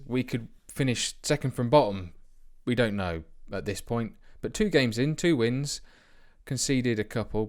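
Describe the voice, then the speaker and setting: A young man casually commentating his football management game, chatty and self-mocking, with sudden bursts of excitement. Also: on the low side. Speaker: let's play host.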